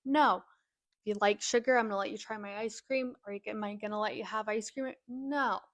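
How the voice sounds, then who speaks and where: A woman's voice: medium pitch, fairly even intonation, a little fast, fairly bright tone. Giggly chatty woman on an echoey podcast. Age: 20s. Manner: chatty, giggly, talks to listeners directly. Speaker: podcast host. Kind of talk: casual podcast chat. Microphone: podcast mic. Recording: echoey room, faint background noise.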